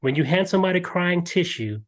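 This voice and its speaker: A man's voice: sits high, a little fast. Earnest older man telling stories. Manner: earnest, lively storytelling with restarts. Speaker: guest. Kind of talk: candid podcast interview.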